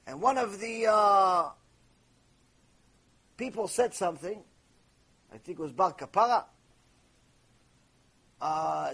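A man's voice: high-pitched, slightly rough. A man teaching Torah in a storytelling lecture, repeating phrases and mixing in Hebrew terms.

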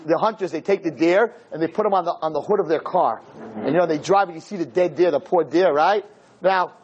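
A man, a rabbi, giving an animated, joking talk to teenagers and acting out little scenes as he goes. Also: sits high, lo-fi sound, slight background noise. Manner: acts out voices of boys and girls, jokey, punchy.

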